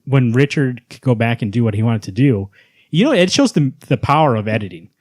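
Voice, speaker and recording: Chatting casually about comic book movies, this male podcast co-host speaks fast and with energy, performing quotes as he goes. He has a mid-range voice, captured in clean studio sound without room noise.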